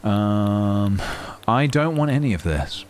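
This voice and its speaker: A man's voice: lowish voice, expressive, takes it slowly. A British man in his thirties giving chatty, rambling, self-mocking commentary during a live game stream.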